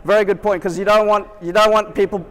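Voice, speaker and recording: Male keynote speaker, higher-pitched voice, chatty storyteller, long hall reverb from a live venue. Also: steady tone, quick pace, fairly bright tone. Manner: chatty storytelling, quizzes the crowd. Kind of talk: live keynote talk to an audience.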